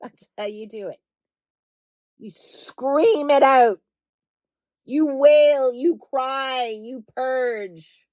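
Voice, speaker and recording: This high-pitched, slightly mellow woman speaks extremely slowly with long pauses in a dry recording. Passionately addressing the camera as a spiritual healing coach, she swears freely and stretches words to stress them, bluntly at first and then soothingly and reassuringly.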